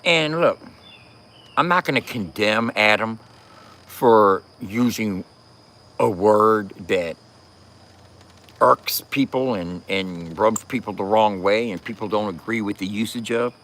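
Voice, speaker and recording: Profane ranting man, bright voice. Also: lowish voice, slow pace, pauses often. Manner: profane, animated, laughs often. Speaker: commentator. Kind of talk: casual ranting commentary.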